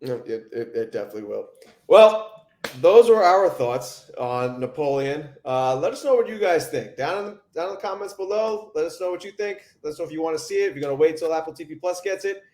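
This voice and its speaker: A man's voice: on the high side, animated, fast, hardly any pauses, darkish tone. Casting: male podcast host, loose rambling delivery, echoey room sound. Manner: rambling, many fillers. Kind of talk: casual chat.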